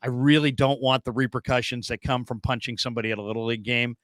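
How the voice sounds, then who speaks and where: A man in his forties hosting a casual sports talk show, telling stories with lively acted-out quotes. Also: medium pitch, fast, dry recording. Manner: animated storyteller, acts out quoted people. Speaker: show host. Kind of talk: casual sports podcast chat.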